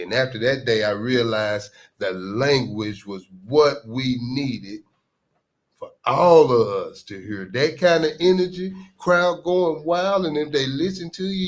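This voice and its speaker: A man, hosting a casual radio talk and telling stories with animated energy. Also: medium pitch. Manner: animated storytelling, laughs often. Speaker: radio show host. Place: radio studio.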